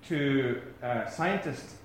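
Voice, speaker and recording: A man's voice: mid-range voice, very slow, reverberant, a little hiss or hum, poor audio. A man with a Scottish accent giving a talk to a live audience in a rambling, self-deprecating way, full of restarts. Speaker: academic speaker.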